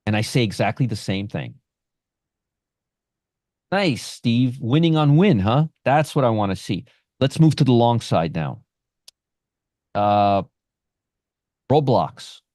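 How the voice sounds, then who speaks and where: A man's voice: medium pitch, animated, slow pace, long pauses, a little mellow, no echo, studio quality. A man hosting a live stream on options trading, brash and sarcastic, answering viewers from the chat by name.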